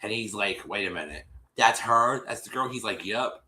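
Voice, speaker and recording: A man's voice: lowish voice, normal speed, sharp tone, a little hiss or hum. A man hosting a show, casually recapping a reality episode, rambling with many restarts and acting out quotes.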